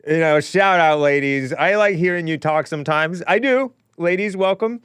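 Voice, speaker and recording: A man's voice: on the high side, normal speed, a bit bright, clean tone, dry recording, clean studio sound. A man hosting his own talk show, chatting casually in a rambling, musing way with offhand asides. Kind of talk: casual livestream monologue.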